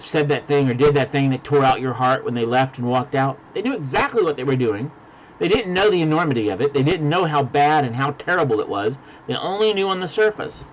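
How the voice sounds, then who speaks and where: A man preaching a sermon as pastor, dropping to hushed, deliberate lines and building to loud emphasis. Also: medium pitch, highs cut off, slight background noise. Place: virtual church service.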